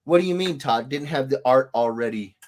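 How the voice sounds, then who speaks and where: A man's voice: mid-range voice, fairly quick, darkish tone. A man hosting a casual livestream, animatedly reading viewer comments aloud with sing-song greetings. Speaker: livestream host, illustrator.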